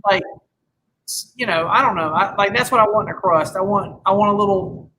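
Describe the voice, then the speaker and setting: A man's voice: sits high, fairly quick, bright, forceful tone, slight background noise, poor audio. A man in his thirties chatting casually on a podcast, rambling with lots of restarts and swearing freely. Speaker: podcast host. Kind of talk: casual chat.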